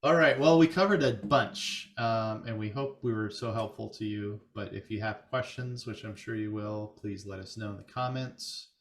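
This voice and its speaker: A man's voice: fairly low pitch, normal speed, few pauses. A man hosting a podcast in casual chat, upbeat and affirming, and often chiming in to agree. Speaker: podcast host.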